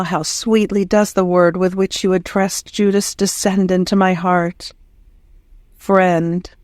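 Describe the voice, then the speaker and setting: A woman reading a devotional text aloud in a prayerful, unhurried way. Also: medium pitch, darkish tone, dry recording, clean studio sound. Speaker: audiobook reader.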